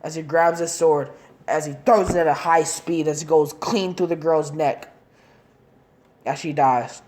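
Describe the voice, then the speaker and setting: A woman's voice: sits low, fairly even intonation, measured pace, a little mellow. A woman casually narrating a fan-made story in long, rambling run-on sentences.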